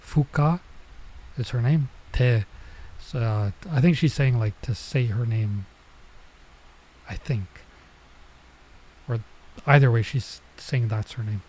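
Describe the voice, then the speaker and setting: A man on a casual live stream reading a manga and translating it, halting and explaining as he goes. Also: medium pitch, darkish tone, low-quality recording.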